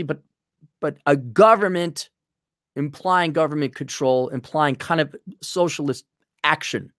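A man's voice: fairly high pitch, dry recording, clean studio sound. A man giving a profane, heated and mocking rant as a political commentator on a livestream.

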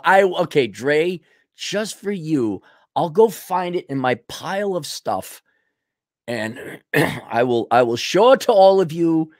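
Sarcastic guy in his 30s ranting on his stream, pitch jumps around a lot, dry close sound. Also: expressive, unhurried, no echo. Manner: sarcastic, rambling, mocking. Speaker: podcast host. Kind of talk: casual livestream commentary.

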